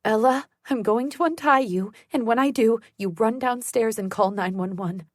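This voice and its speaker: A woman reader voicing a protective mother who gives calm, firm commands. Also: on the high side, normal speed, dry recording, studio quality, lightly acted.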